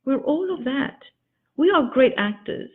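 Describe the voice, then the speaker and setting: A woman giving a motivational teaching talk as a coach, with expressive emphasis and repeated words for effect. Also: sits high, a little slow. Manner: addresses listeners as darlings. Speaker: spiritual coach. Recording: tinny phone-like audio.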